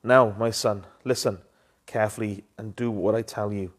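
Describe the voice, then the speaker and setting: A man reading the lines of a scheming mother instructing her son, in a plain, steady voice during a live scripture reading. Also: on the low side, normal speed, natural voice. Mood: urgent.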